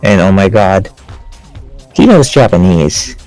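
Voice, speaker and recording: A man with a Midland American accent chatting casually while gaming, relaxed and joking about himself. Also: low-pitched, slow pace, soft background music. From Upland South of the US. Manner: relaxed, joking, self-deprecating.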